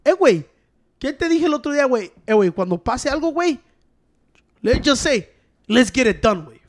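A man's voice: very high voice, sing-song, fast talker. A man talking heatedly in casual chat, swearing often. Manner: heated, mixes Spanish and English, swears.

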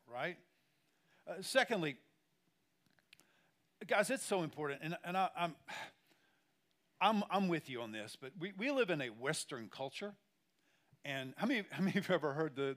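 A man's voice: fairly high pitch, fairly bright tone. A man preaching a sermon as pastor, talking conversationally and emphatically, repeating phrases and speaking straight to the congregation.

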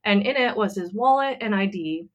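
A woman's voice: medium pitch, animated, moderate pace, lo-fi sound. Chatty woman retelling a story. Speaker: podcast co-host. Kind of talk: casual chat, retelling a listener story.

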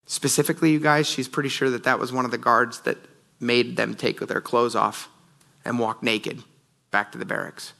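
Bright-voiced man preaching a sermon. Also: medium pitch, steady tone, normal speed, vocal fry. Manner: earnest storytelling, often says "you guys". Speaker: pastor.

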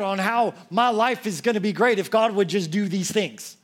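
A young man preaching a sermon in a casual, conversational way, slipping into lively acted quotes. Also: high voice, normal speed, hardly any pauses. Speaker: pastor.

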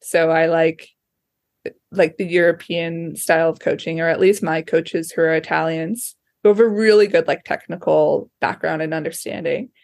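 A young woman talks as an interview guest, her voice sitting low for a woman. She chats loosely, with plenty of fillers and restarts. The sound is close and dry. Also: fairly even intonation, moderate pace, gravelly, a little mellow, no room sound. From Australia. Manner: chatty, many fillers and restarts. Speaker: ski racer guest. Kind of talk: casual interview chat.

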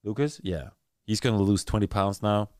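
A man's voice: lowish voice, normal speed, a little mellow, no room sound, studio quality. A man hosting a podcast, chatting in an upbeat, encouraging way with short fillers. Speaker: podcast host. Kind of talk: casual chat.

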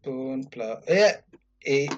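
A man's voice: medium pitch, expressive, slow pace, dull audio. A man, co-hosting a podcast in casual banter, blunt and teasing with lots of swearing. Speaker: podcast co-host.

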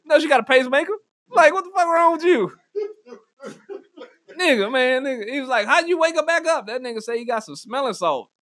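A man hosting a podcast, telling crude comic stories in an animated way, swearing freely and laughing often. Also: very high voice, brisk, pauses often. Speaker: podcast host. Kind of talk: crude comedic storytelling. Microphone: studio podcast mic.

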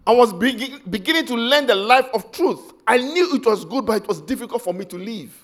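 A man's voice: very high-pitched, lively intonation, a little fast, fairly bright tone. A man preaching an emotional, impassioned sermon.

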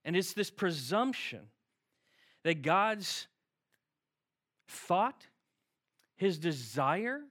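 A man's voice: high-pitched, a bit bright. A man speaking as a pastor, praying and then preaching a sermon in a conversational way, full of rhetorical questions. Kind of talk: sermon with prayer. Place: preaching to an online audience at home.

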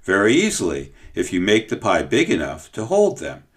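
A man's voice: low-pitched, wildly swooping pitch, moderate pace. A man doing an earnest young peasant boy. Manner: earnest and firm.

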